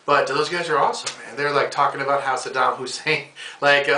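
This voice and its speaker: A male American comedy host speaks at normal speed in a medium-pitched, sharp voice, with slight background noise and an echoey room picked up by a faraway mic. His casual monologue rambles and rants, full of slang and "bro."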